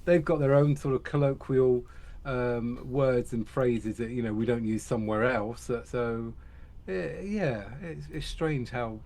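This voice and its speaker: A man's voice: mid-range voice, measured pace, a little mellow. A British man co-hosting a reaction video, jokey and rambling with restarts. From Britain. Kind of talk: casual reaction chat.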